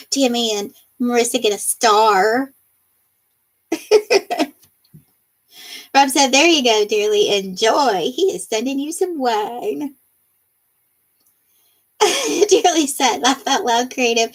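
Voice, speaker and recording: Speaking slowly with long pauses, this livestream host has a fairly high voice and reads her viewers' comments aloud in a relaxed chat, often breaking into laughter. The recording sounds rough.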